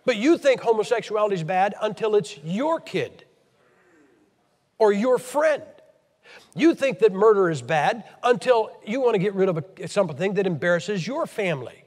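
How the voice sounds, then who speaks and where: A man's voice: high-pitched, expressive, normal speed, darkish tone, long reverb tail. An American man from Ohio preaching a blunt, emphatic, scolding sermon to a church meeting. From Ohio, USA.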